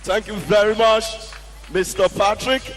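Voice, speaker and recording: A man's voice: high-pitched, fairly even intonation, measured pace, a bit bright. A man formally addressing dignitaries from a stage before his act, ceremonious and full of honorifics. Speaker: comedian taking the stage. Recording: reverberant hall sound.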